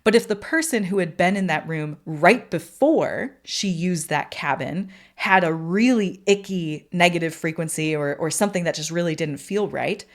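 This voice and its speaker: A young woman hosting a podcast, telling a long story in a chatty, rambling way with many restarts, putting on a high bubbly voice for quoted lines. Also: moderate pace, hardly any pauses. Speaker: podcast host. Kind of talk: storytelling monologue.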